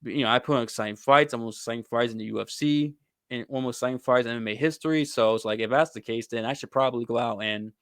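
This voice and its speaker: A male host delivers casual, opinionated sports commentary with a blunt, slangy edge. His voice is smooth and clear at an ordinary pitch. The recording is close and dry, with no room sound. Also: quick pace, fairly bright tone, no room sound. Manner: blunt, opinionated, swears and says "bro".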